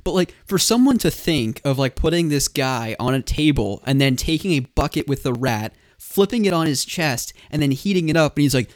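A man's voice: fairly high pitch, lively intonation, fairly quick, few pauses, dry recording, clean studio sound. A man co-hosting a podcast, chatting and joking casually about a movie with frequent fillers. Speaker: podcast co-host.

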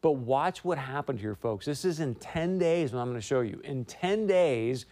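A man hosting a political talk show from a broadcast studio, speaking on a studio mic in an emphatic, opinionated way, his pitch climbing when he presses a point. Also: expressive, moderate pace, darkish tone.

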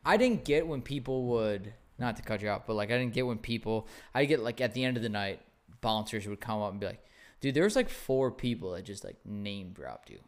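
A young man hosting a podcast, telling animated stories in casual chat and swearing freely. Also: on the low side, fairly quick. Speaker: podcast host, former bartender.

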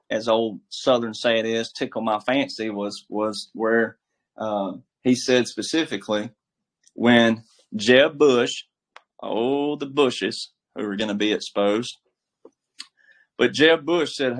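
A man giving casual political commentary as a guest, emphatic and preachy, with a folksy, filler-heavy way of talking. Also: mid-range voice. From military background.

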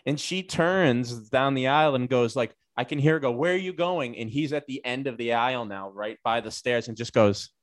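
A man casually telling a long, animated anecdote on a podcast, with lots of swearing. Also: medium pitch, moderate pace, few pauses, no room sound, clean studio sound. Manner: animated, profane anecdote telling with acted quotes. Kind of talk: casual storytelling chat.

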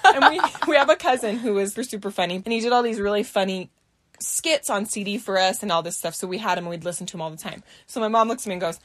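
Animated storytelling woman, dry close mic. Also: medium pitch, fast talker, no echo. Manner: animated, laughing, acts out quotes. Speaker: podcast co-host. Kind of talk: casual storytelling chat.

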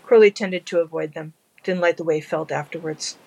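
A narrator reading a fan audiobook at a measured, low-key pace. The voice is gravelly with a husky edge. The tone stays calm and even through the telling. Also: rough recording.

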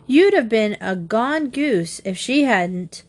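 A woman's voice: a little high, animated, slow. A loyal, earnest teenage boy, read by a woman. He speaks plainly and sincerely.

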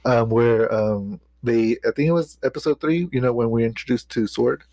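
A man's voice: mid-range voice, steady tone, moderate pace, a little mellow, dry recording. Rambling, hesitant man on a podcast. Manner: rambling, hesitant, restarts a lot. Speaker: podcast co-host. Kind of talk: casual chat.

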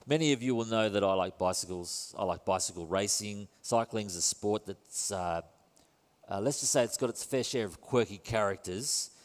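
A man preaching a sermon in a church, conversational and earnest, with self-deprecating asides. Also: on the low side. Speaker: pastor. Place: church building. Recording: long reverb in a church hall.

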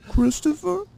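A man voicing a foul-mouthed gangster version of a honey-loving cartoon bear, in a slow, gravelly drawl. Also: extremely high pitch, warm tone, a little hiss or hum, voice pushed up, full character voice.

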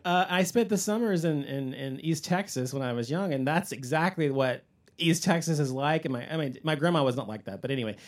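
Animated, laughing middle-aged male podcast host. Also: fairly high pitch, fairly quick. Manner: animated storyteller, laughs often, acts out quotes. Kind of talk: casual chat.

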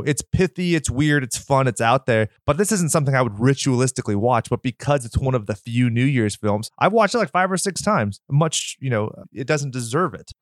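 A man co-hosting a casual movie review chat, swearing freely and joking in animated asides. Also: medium pitch, dry recording, clean studio sound. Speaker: podcast co-host.

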